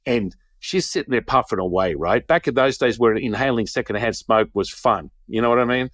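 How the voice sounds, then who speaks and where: A middle-aged man telling a story in casual conversation, animated, acting out the voices of the people he quotes. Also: mid-range voice, a little fast, few pauses, no room sound, studio quality. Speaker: Taoist teacher, interview guest.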